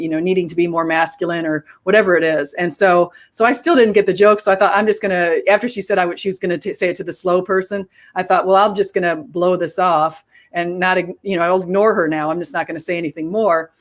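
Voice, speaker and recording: A woman hosting a casual video chat, telling a story with animated quoted asides and frequent restarts. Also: fairly low pitch. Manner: animated storytelling, quoting others. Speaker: host.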